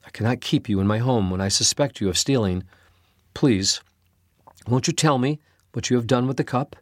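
A man voicing a gentle, worried mother in a storybook reading, speaking softly and earnestly, a little above his own pitch. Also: moderate pace, no room sound, clean studio sound, lightly acted. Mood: sad.

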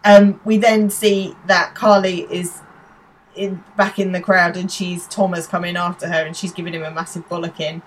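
A woman with a slightly low voice recaps an episode for her podcast, taking turns with her co-host. She narrates the scenes in an easy, conversational way. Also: level tone, normal speed, distant mic, slight background noise, poor audio. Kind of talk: casual chat recapping a TV episode.

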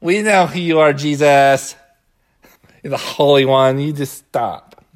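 A man voicing a frantic, fearful male demon who yells loudly in an amateur radio drama. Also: a little high, unhurried, close to an everyday voice. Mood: panicked. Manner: loud, yelling from afar.

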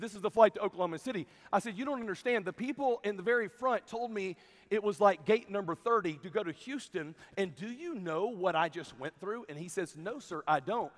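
A man preaching a sermon, telling a story with lively acted-out dialogue. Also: high-pitched. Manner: animated storytelling, acting out dialogue. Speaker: camp preacher. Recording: long hall reverb.

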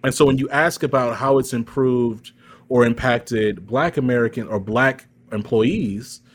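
A man's voice: medium pitch, measured pace, breathy edge. Emphatic man on a video call. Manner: emphatic, animated storyteller. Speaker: guest speaker. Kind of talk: conversational interview answer.

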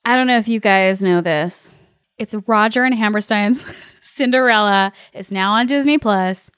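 A woman's voice: medium pitch, normal speed, a bit bright, clear, resonant tone, no echo, clean studio sound. A woman co-hosting a podcast in casual chat, gushing and laughing often. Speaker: podcast co-host.

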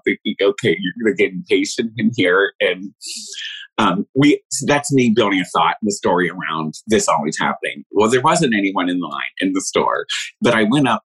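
A man with a somewhat low, husky voice tells a personal story in a loose, rambling way. He restarts his sentences often and laughs as he goes. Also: fairly bright tone, poor audio. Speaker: guest.

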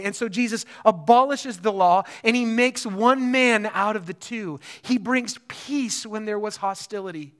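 A man preaching a sermon in a conversational, animated way, often checking in with the listeners. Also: sits high, unhurried, hardly any pauses. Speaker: pastor.

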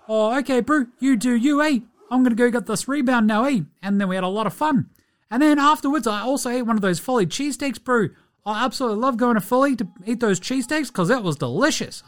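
A man's voice: very high-pitched, a bit bright. A man playing a laid-back, friendly New Zealand basketball player in a comedy bit, putting on a New Zealand accent and rambling chummily through a mock diary entry. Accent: New Zealand (put on). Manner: chummy, rambling, says "bro" and "eh" constantly.

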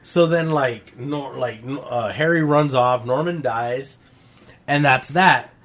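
A man's voice: medium pitch, takes it slowly, a bit bright. A man co-hosting a casual podcast chat, retelling a comic plot in a heated, profane way. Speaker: podcast co-host.

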